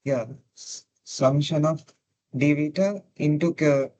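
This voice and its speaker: A man's voice: a little high, a little slow, darkish tone. A man attending an online tutorial as a student, asking short, hesitant questions about a derivation.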